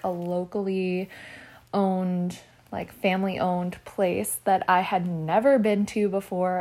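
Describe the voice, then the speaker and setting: A young woman telling a personal story in a vlog, chatty and animated, with "like" in nearly every sentence. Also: lowish voice. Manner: chatty, fills speech with "like"; animated and emotional while retelling. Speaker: vlogger.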